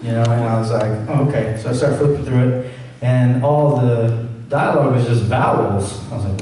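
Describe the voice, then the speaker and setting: A man, a voice actor, telling stories and answering fan questions on a convention panel, acting out quoted lines in a higher voice. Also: normal speed, warm tone. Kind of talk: Q&A panel storytelling. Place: large echoey event hall. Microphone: room recording from the audience. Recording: echoey hall, far from the mic.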